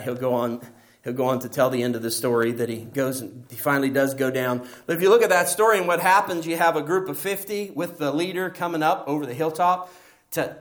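A man preaching a sermon, reading scripture aloud and explaining it with lively rhetorical questions. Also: medium pitch. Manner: animated Bible teaching with rhetorical questions.

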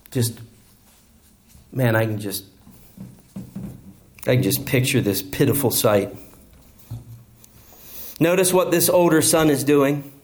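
A man's voice: mid-range voice, takes it slowly, long pauses, a little mellow. A man preaching a sermon in a church, acting out the characters as he explains a parable. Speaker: pastor.

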